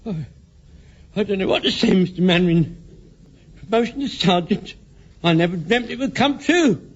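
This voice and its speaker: An older actor playing an elderly, excitable male butcher and Home Guard corporal, eager and fussy, in a radio sitcom. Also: sits high, moderate pace, breathy edge. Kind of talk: 1970s radio sitcom acting. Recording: dull old radio recording.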